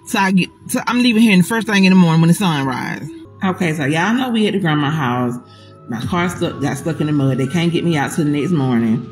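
Woman storyteller, casual and cussing, lively pitch swings, echoey room, faint music. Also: a little fast. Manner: profane, animated, talks to viewers as "y'all".

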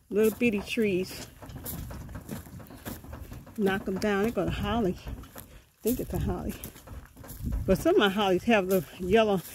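A woman with a medium-pitched, darkish voice, recorded with a little hiss or hum, is out of breath as she vlogs outdoors on rural property. She chats casually and folksily to her viewers, often repeating words and calling them family.

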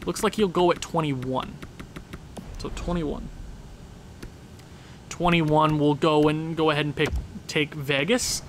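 A man with a somewhat high voice gives loose, running commentary over a video game. He chats straight at the game and now and then bursts into loud laughing shouts. A faint hiss of noise sits under the recording. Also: fairly even intonation, takes it slowly, long pauses. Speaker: gaming channel host. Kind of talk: casual gameplay commentary.

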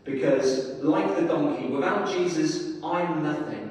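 Male preacher, earnest and fervent, medium pitch, heard from far off in a reverberant church hall. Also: unhurried, a little mellow. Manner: earnest, fervent, addresses listeners as friends. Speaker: meeting leader, preacher. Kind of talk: sermon.

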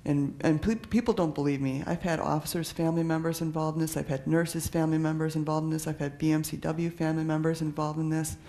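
Male police officer, gravelly, a bit high, earnest public talk. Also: level tone, fast, hardly any pauses, dark tone. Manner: earnest, conversational, frequent restarts and fillers. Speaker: police officer speaking on trafficking.

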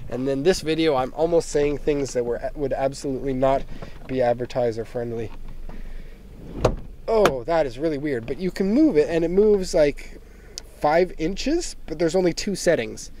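A young man, a little hoarse from being sick, giving a casual walkaround review from inside a minivan, chatting with jokey tangents into a handheld camera. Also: fairly high pitch, lively intonation, normal speed, dark tone, slight background noise. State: slightly hoarse from a recent illness. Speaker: car import dealer and reviewer.

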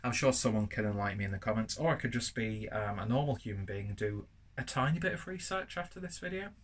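In a fast-talking, fairly low voice, a northern English man with a well-spoken southern English accent runs through a casual beer review vlog. He's at home cooking, and his talk is chatty, rambling and self-deprecating.

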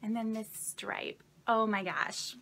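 A woman's voice: medium pitch, slow, gravelly. A young woman vlogger chatting casually to camera as she unwraps crafting gifts. She gushes, exclaims often and thanks the sender again and again. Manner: gushing, effusive, keeps saying thank you; exclamations and soft laughs. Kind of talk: casual unboxing chat to camera.

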